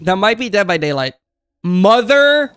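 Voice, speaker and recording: A man's voice: fairly high pitch, moderate pace, fairly bright tone, clear, resonant tone, dry recording. A young man ranting in exasperated let's play commentary while hosting his gaming channel, repeating phrases and calling everyone dude.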